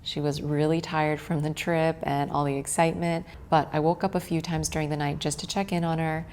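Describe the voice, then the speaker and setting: A woman vlogger narrating a voice-over in a gentle, relaxed way. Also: deep voice, brisk, a little hiss or hum.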